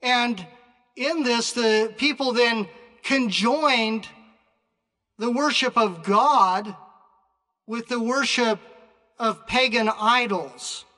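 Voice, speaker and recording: A man delivers a sermon at a very unhurried pace, pausing often and restarting phrases. His voice sits unusually high and sounds bright. The sound rings with the long reverb of a large hall. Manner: slow, deliberate preaching with frequent pauses and restarts. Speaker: preacher.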